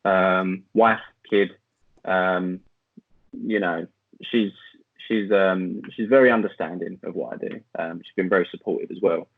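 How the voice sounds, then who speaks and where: A man joining a podcast as a guest, chatting in a relaxed, easygoing way. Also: low voice, unhurried, no echo, phone-quality sound. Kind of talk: casual chat.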